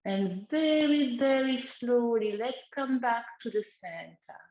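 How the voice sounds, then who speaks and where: Slow, gentle woman guiding a relaxation exercise. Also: a little high, echoey room, dull audio. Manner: slow, gentle guiding of breathing and neck movements. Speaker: wellness instructor. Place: outdoors in the countryside, chickens nearby.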